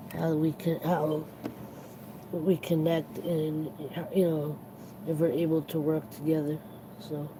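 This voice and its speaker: This reflective livestream host sounds worn out, chatting with viewers in a halting, rambling way full of restarts. The voice is mid-range, sincere, and set against a noisy background.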